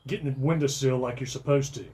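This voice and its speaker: A fed-up middle-aged father, as a storyteller acts him out yells at his household. His voice is raised and scolding, full of exasperation. Every line comes out as a loud rebuke. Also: mid-range voice, brisk, lightly acted.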